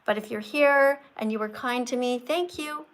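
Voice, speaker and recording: Lady hosting a livestream, kinda high voice, preachy and scolding, really drives every point. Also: moderate pace, poor audio. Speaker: livestream host teaching veganism. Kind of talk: livestream chat and lecturing.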